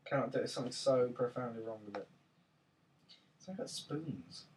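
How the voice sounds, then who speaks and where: A young man chatting casually on a podcast, making dry low-key remarks. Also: brisk, darkish tone. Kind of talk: casual chat. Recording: faint background noise.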